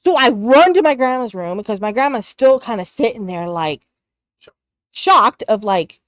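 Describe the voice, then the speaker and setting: A woman co-hosting a podcast, telling a personal ghost story in casual chat. She is animated and excitable, and uses many fillers and restarts. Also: a little high, moderate pace, dry recording. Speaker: podcast co-host.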